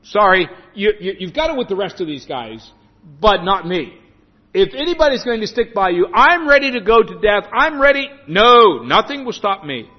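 A preacher doing a brash, eager apostle. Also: male voice, sits high, big pitch swings, moderate pace, husky, heavily acted. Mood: boastful protest. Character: impulsive, boastful male apostle. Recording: reverberant hall, dull lo-fi sound.

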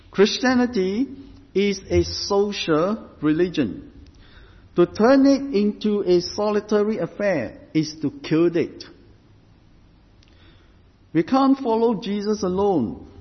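A sermon comes from a man whose voice is fairly high; he speaks slowly and deliberately and returns to the same phrases to build each point. The dull recording lets a long hall reverb linger after him.

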